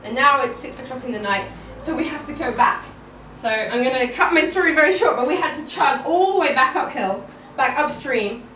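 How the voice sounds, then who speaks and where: A woman telling a personal story at a live storytelling event, animated and often laughing, repeating words for effect. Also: high-pitched, brisk, few pauses. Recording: echoey room, distant mic, noisy.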